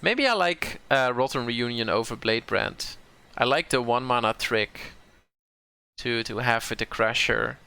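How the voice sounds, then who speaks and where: A man's voice: medium pitch, animated, measured pace, gravelly, pushed and bright, smooth. A man from the southern Netherlands with a Dutch accent, thinking aloud as he plays and streams a card game, often repeating words as he corrects himself.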